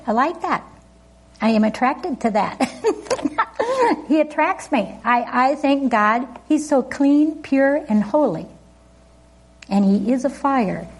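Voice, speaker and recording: Woman preacher with a husky, higher voice, chatty and laughing between points. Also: a little mellow. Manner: chatty, laughing often, asking the congregation questions. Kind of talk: informal sermon.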